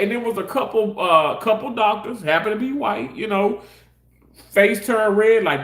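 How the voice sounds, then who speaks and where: A man's voice: high voice, moderate pace, fairly bright tone, echoey room. A man ranting on his live stream in a passionate, heated way, cursing and repeating himself. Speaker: live-stream content creator. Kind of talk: casual live-stream rant.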